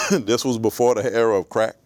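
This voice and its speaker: A man in his forties, a guest in an interview, telling his life story in a measured, reflective way. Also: mid-range voice, darkish tone, no room sound.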